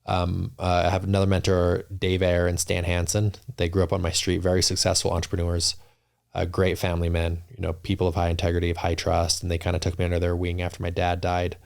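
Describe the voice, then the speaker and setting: A man's voice: low voice, monotone, quick pace, vocal fry, darkish tone, smooth. A man talking as a podcast guest in casual interview chat, earnest and reflective, often restarting his sentences. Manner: earnest, reflective, many restarts and "you know".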